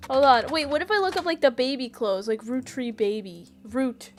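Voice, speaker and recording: A woman's voice: sits high, animated, unhurried, a bit bright. A woman streaming a detective game, chatting with viewers, giggling and reading the game text aloud. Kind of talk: casual let's-play commentary. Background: faint background music.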